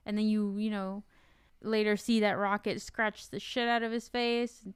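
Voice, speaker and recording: A woman's voice: mid-range voice, level tone, normal speed, smooth, no echo, clean studio sound. A woman co-hosting a podcast, chatting casually about a film, swearing freely and acting out her own reactions. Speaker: podcast co-host.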